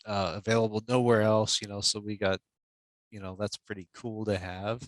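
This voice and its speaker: A man's voice: on the low side, level tone, normal speed, no echo, rough recording. A man being interviewed as an author, easygoing and chatty, full of "you know"s. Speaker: author guest. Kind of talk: casual interview chat.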